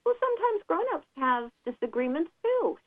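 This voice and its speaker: A woman giving calm, patient advice on children's feelings in a radio interview, sometimes acting out a child's words. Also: normal speed. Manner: calm, explanatory, acts out children's lines in a higher voice. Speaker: guest expert on child behavior. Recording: tinny phone line.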